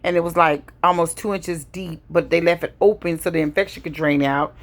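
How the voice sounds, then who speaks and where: A middle-aged woman speaks to the camera about a painful stretch of her life. Her voice sits a little low, and she tells it in a heavy, personal way, pausing and sighing as she goes. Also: fairly even intonation. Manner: heavy, emotional retelling with pauses and sighs. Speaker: vlogger telling her story.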